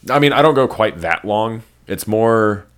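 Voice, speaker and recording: A man's voice: lowish voice, animated, unhurried, a bit bright, smooth. A man hosting a podcast, talking casually in a loose, rambling way with lots of swearing. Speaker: podcast host. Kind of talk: casual chat.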